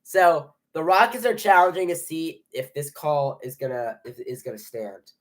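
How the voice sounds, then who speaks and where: A young man streams his live play-by-play reaction to a game as a fan, nervous and excitable, often stumbling and restarting his sentences. His voice is fairly high and moderately paced.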